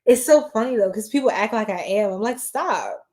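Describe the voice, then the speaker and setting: A woman's voice: on the high side, fast talker, mellow. Female tarot streamer, late at night; tired, scattered, giggly, chats with viewers nonstop. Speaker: tarot reader livestreaming.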